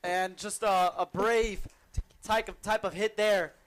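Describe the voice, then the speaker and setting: A high school boy calls a lacrosse game play by play, his voice high and smooth. He rattles off the plays quickly and gets louder whenever the action heats up. The sound is close and dry. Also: fairly even intonation, no room sound. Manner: rapid play-by-play calls, rising when the action picks up. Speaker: play-by-play commentator. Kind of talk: student sports broadcast commentary.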